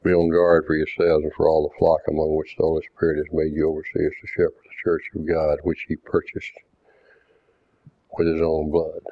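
A man preaching a doctrinal sermon, deliberate and didactic, reading scripture verses aloud. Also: very deep voice, completely flat delivery. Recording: tinny phone-like dry sound.

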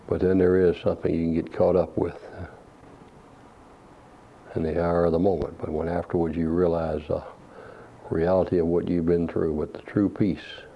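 A man's voice: sits low, flat delivery, moderate pace, slight background noise. A man preaching a sermon, asking rhetorical questions and quoting scripture. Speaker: pastor. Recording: dull lo-fi recording.

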